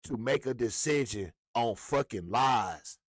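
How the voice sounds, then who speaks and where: A man's voice: mid-range voice, animated, measured pace, no room sound, clean studio sound. A man ranting as a hip hop blogger, heated and profane, repeating himself for emphasis. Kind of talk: ranting commentary.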